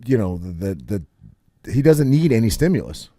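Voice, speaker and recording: A man co-hosting a podcast, pressing his opinions bluntly and swearing as he goes. His voice is mellow and dark. The sound is close and dry, with almost no room echo. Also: fairly low pitch, big pitch swings, normal speed. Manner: blunt, argumentative, swears, trails off with fillers. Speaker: podcast co-host. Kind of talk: casual chat.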